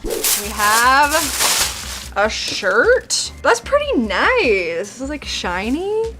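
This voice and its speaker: A woman's voice: fairly high pitch, noisy background. A young woman hosting a casual unboxing vlog, bubbly and laughing often. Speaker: vlogger host.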